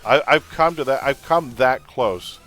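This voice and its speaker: A man's voice: medium pitch, unhurried, a bit bright, faint music behind. A man streaming a superhero game, chatting casually and bluntly with his viewers and teammates while he plays. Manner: chatty, blunt, venting with laughs. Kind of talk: casual gaming livestream chat.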